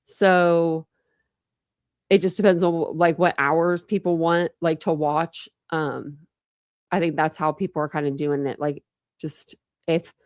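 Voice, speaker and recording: Tired young woman on a home livestream, lowish voice, super dry, lots of likes and ums. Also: little pitch movement, unhurried, dry recording. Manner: rambling, lots of fillers and restarts. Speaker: true crime channel host. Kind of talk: casual livestream chat with viewers.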